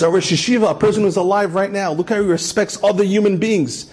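A man's voice: high voice, lively intonation, fast talker, hardly any pauses, a little mellow, slightly rough. A man telling an inspirational story, emphatic and repeating key phrases, with Hebrew terms mixed in. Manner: sprinkles Hebrew and Yiddish terms.

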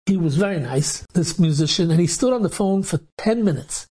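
A man, a rabbi, tells an inspirational story with animated energy. His voice is dark and mellow with a husky edge. He peppers the telling with Yiddish and Hebrew words. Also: high-pitched, a little fast.

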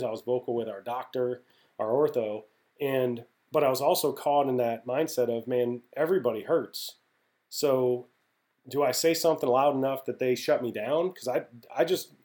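A man in his forties recounts his playing days in a loose, candid way, doubling back on his words as he goes. His voice is mellow and dark, sitting at an ordinary middle pitch. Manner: rambling, candid, with frequent restarts. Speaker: former pro baseball pitcher, guest. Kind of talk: casual storytelling interview.

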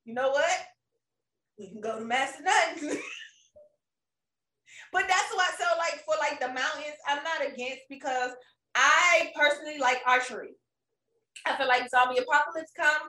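A woman's voice: sits high, normal speed, pushed and bright, recorded from a distance. A woman co-hosting a casual podcast chat, playful and teasing, often laughing as she talks. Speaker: podcast co-host. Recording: roomy sound, a bit off-mic.

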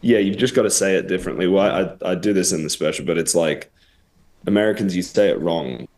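A man's voice: low-pitched, fairly quick, a little mellow. A man with an English accent, a comedian guest chatting casually and telling jokes with plenty of swearing. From England. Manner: profane, joking storyteller. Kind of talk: casual podcast chat.

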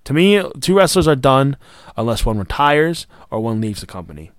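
Excitable man reviewing wrestling. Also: medium pitch, moderate pace, clean tone, dry recording, studio quality. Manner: excitable, swears, acts out quotes. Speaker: podcast co-host. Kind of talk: casual wrestling review chat.

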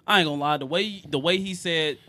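A man's voice: a little high, fast talker, sharp tone. A young man hosting a podcast, reading out viewer comments in casual slangy chat and laughing with friends. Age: young adult. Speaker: podcast host.

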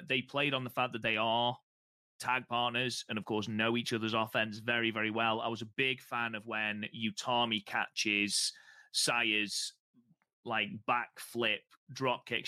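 A man's voice: mid-range voice, little pitch movement, a little slow, pushed and bright, smooth, dry recording. A man co-hosting a casual podcast, blunt and teasing, with some swearing. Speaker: podcast co-host. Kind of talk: casual chat.

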